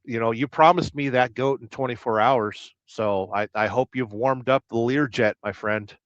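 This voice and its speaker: A man hosting a livestream, chatting casually and reading viewer comments with rambling, deadpan jokes. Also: medium pitch, normal speed, no room sound. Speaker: livestream host. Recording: dull lo-fi dry sound.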